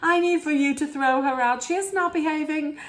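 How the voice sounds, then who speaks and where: A haughty hostess, put on by a woman recapping a show, shrill and imperious, her voice jumped up high and pushing hard. She sounds offended and entitled, snapping orders at the staff. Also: a little fast, natural voice. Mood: indignant. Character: haughty indignant hostess woman demanding security.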